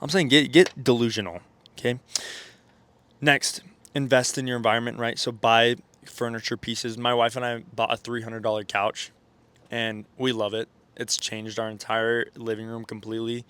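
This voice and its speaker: A man's voice: medium pitch, flat delivery, moderate pace, fairly bright tone, smooth. A man with stuffy sinuses giving a casual motivational vlog monologue, rambling with lots of fillers and self-corrections and checking in with "okay?" and "right?". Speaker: self-improvement content creator.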